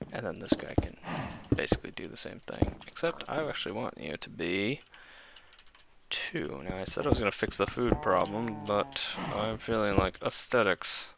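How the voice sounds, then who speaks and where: Gravelly-voiced man rambling over gameplay. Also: on the low side, noisy background. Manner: rambling, self-correcting, talks to viewers. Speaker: gaming channel host. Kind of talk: casual gameplay commentary.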